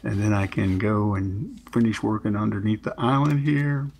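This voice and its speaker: A man hosting a relaxed gaming session, talking slowly and joking with friends. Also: on the low side, gravelly. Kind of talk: casual gaming chat.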